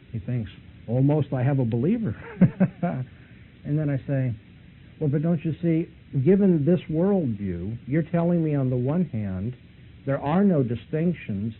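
A man's voice: mid-range voice, lively intonation, moderate pace. A man giving a seminary apologetics lecture, telling a debate story with emphatic, argumentative delivery. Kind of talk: apologetics lecture with retold dialogue. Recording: tinny phone-like lo-fi recording with faint hiss.

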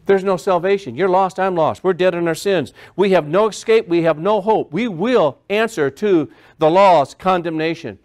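A man's voice: high voice, normal speed, few pauses, a little mellow. A male pastor preaching a sermon, repeating phrases and building emphasis as he goes.

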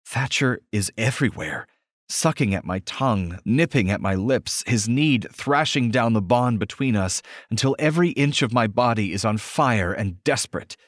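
A man narrating an audiobook romance in the first person with a steady, intimate reading. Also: mid-range voice, normal speed, no echo, clean studio sound.

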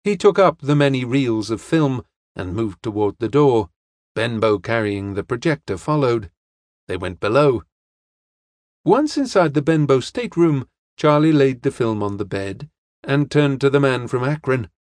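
A man narrating a detective novel as an audiobook in a steady, measured way. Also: mid-range voice, no room sound, studio quality.

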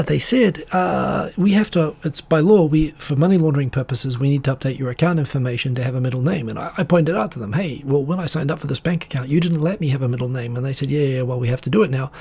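A man's voice: fairly high pitch, gravelly, darkish tone, breathy edge. A man in his forties hosting a live talk stream, telling a story in casual chat with lots of restarts and fillers.

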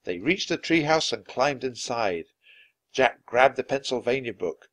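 A man reading a children's adventure book aloud, expressive and dramatic. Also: medium pitch, measured pace. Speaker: storyteller.

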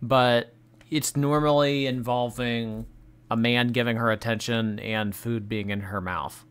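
A man's voice: mid-range voice, steady tone, a little slow, clear, resonant tone. A man hosting a reaction commentary, making sarcastic, mocking remarks about the clips. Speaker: commentary host.

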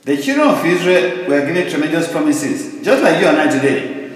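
A man's voice: fairly high pitch, very animated, a little fast. A male pastor preaching a sermon in an emphatic, repetitive style, asking the congregation rhetorical questions. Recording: very echoey church hall with long reverb.

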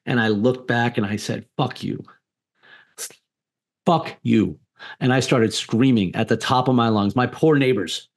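A man's voice: mid-range voice, steady tone, normal speed, few pauses. Blunt, profane man telling his story. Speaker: podcast guest. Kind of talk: candid personal storytelling.

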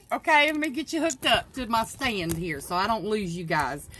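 A woman's voice: medium pitch, sing-song, normal speed, fairly bright tone, slight background noise. A middle-aged woman from South Carolina with a Southern accent, hosting a casual craft livestream in her home kitchen, folksy and chatty. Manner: chatty, folksy, greets viewers by name, laughs at herself.

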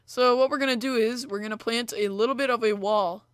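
A woman's voice: a little high, fairly even intonation, a little fast, no room sound, studio quality. A young woman hosting a gameplay video, chatting casually with lots of fillers as she plays. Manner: chatty, rambling, many fillers like "like" and "you know". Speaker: gaming video host.

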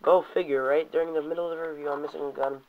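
A young man rambles through a casual toy review, swearing offhandedly. His voice sits a bit high. The sound is dull and lo-fi, like an old home video. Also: fairly even intonation, racing, noisy background. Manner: rambling, reads comic panels aloud in put-on voices, curses casually.

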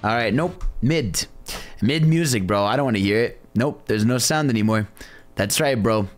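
A man's voice: medium pitch, moderate pace, faint music behind. A man streaming a game, chatting loosely with his viewers, calling them "bro" and joking around. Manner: loose and joking, calls chat "bro", improvises silly songs. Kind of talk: casual livestream chat. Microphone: desk mic.

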